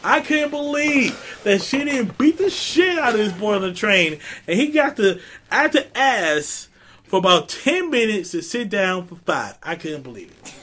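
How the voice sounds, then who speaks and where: A man telling stories in a casual podcast chat, animated, laughing often and mimicking voices. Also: sits high, normal speed, a little hiss or hum. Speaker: storyteller in a group chat.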